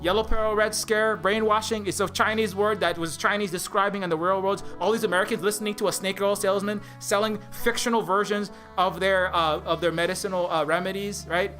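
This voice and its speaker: An indie game developer ranting in a rambling, profane, sarcastic video commentary. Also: male voice, high-pitched, fairly even intonation, a little fast, few pauses, pushed and bright, faint music behind.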